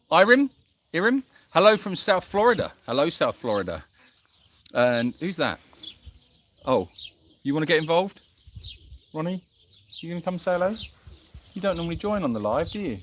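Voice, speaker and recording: Hanging out with donkeys at an animal sanctuary, a man runs a relaxed livestream, reading comments and welcoming viewers by name with friendly self-deprecation. His voice sits on the high side, and there's slight background noise.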